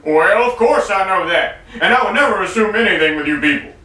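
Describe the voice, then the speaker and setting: A man playing a jittery small-time drug middleman who stumbles over his words. His voice is high and bright, and it sounds roomy and set back from the mic in a comedy skit. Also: lively intonation, brisk, recorded from a distance. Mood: flustered. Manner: flustered and stammering. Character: nervous, bumbling male drug middleman.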